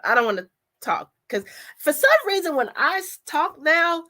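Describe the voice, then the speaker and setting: A woman, talking emotionally as a commentary vlogger, trailing off and restarting as her voice swings between quiet and loud. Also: high voice, sing-song, moderate pace.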